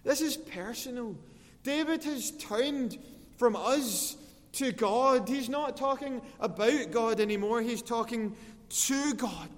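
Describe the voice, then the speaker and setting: High-voiced slow preaching man in a hall. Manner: earnest, slows and swells on scripture. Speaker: pastor. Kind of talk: sermon.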